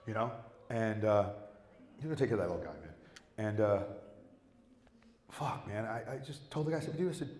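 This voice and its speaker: Long pauses break up the fairly quick, fairly low-pitched speech of a middle-aged convention panel guest. He rambles through profane stories, animated and whooping, all captured in a hall with long, echoing reverb.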